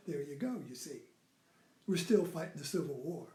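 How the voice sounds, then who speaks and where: A man's voice: on the high side, very animated, unhurried, pauses often, warm tone, echoey room. A man giving a rambling, informal lecture who keeps repeating "you see.".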